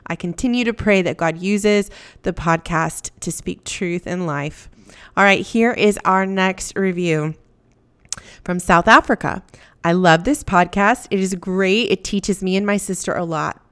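Gentle woman with a smooth clear voice. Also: lowish voice, measured pace. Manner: gentle, grateful, upbeat. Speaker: podcast host reading listener reviews. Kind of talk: warm scripted read-aloud of listener reviews.

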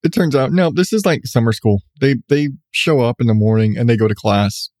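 A man's voice: mid-range voice, a little fast, darkish tone, no echo. A middle-aged man with a stuffed-up, congested voice rambles through a late-night solo podcast, joking at his own expense. He talks in loose, restarting sentences. The recording is close and dry. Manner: rambling, self-deprecating, restarts often. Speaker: podcast host.

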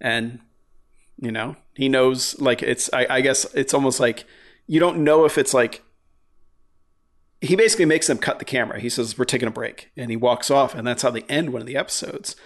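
A man's voice: mid-range voice, normal speed. Rambling, foul-mouthed man chatting. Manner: rambling, swears freely, many fillers. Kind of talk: casual chat.

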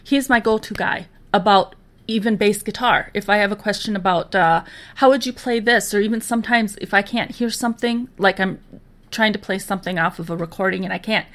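A woman's voice: mid-range voice, fairly quick, a bit bright. A woman with a Minnesotan accent, co-hosting a podcast in casual chat and laughing easily. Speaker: podcast co-host.

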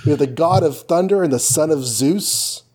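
A man's voice: a little high, moderate pace, a little mellow, breathy edge. A man co-hosting a podcast, chatting casually and summarizing an old comic, with lots of "like". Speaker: podcast co-host.

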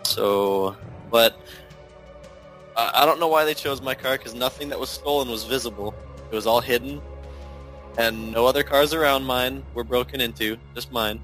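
A man co-hosting a casual chat, talking in a halting, easygoing way and laughing often. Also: medium pitch, a bit bright, soft background music, low-quality recording.

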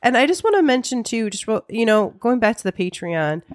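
A woman's voice: a little high, sing-song, brisk, no echo, clean studio sound. A woman co-hosting a casual podcast, chatty, with lots of fillers and laughs. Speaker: podcast co-host. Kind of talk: casual chat.

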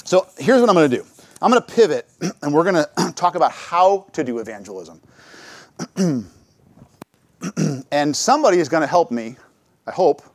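Lively middle-aged man telling church stories. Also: a little high, normal speed, long pauses, no room sound. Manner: lively storytelling, acts out his own quotes. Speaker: church speaker. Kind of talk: church talk with personal stories.

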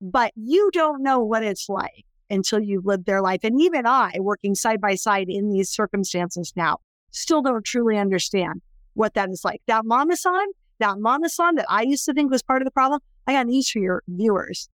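A woman's voice: a little high, animated, normal speed, dry recording. A middle-aged woman from California, a guest in an interview, telling a personal story in an emphatic, intense way. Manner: emphatic, intense, building to impassioned pleas. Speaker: interview guest, anti-trafficking worker.

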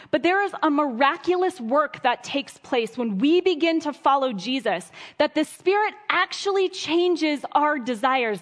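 A woman preaching a sermon, earnest and storytelling, with wry asides. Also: high voice. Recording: long hall reverb.

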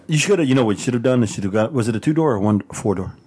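A man co-hosting a podcast who cracks jokes, teases the others and laughs loudly. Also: medium pitch, expressive, very fast, a little hiss or hum. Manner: joking, teasing, laughs loudly. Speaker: podcast co-host. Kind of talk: casual podcast chat.

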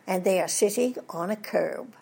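A woman's voice: medium pitch, moderate pace, creaky, dark tone, slightly rough. An older woman, a voice actress, telling anecdotes in an interview and putting on British voices for jokes. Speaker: voice actress guest. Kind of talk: storytelling interview.

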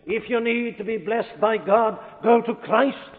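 A man with a Welsh accent preaching a sermon fervently, rising at times to loud declamation. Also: high voice, measured pace, big-room sound, phone-quality sound.

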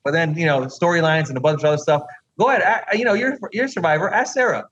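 Man, husky, a touch high-pitched, frank and emphatic, muffled lo-fi audio. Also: fast talker, fairly bright tone. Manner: emphatic, frank, keeps asking "right?". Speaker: eliminated reality competition contestant. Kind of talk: remote interview, storytelling.

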